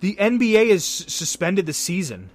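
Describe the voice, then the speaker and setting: A young man from Pennsylvania co-hosting a casual podcast, rambling and excitable and swearing a lot. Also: sits high, normal speed. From Pennsylvania, USA. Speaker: podcast co-host.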